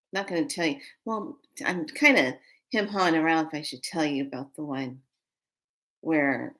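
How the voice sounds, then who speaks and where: A woman's voice: sits low, sharp tone. A middle-aged woman casually telling a story to her viewers, acting out the dialogue with big jumps in her voice. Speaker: spiritual channel host.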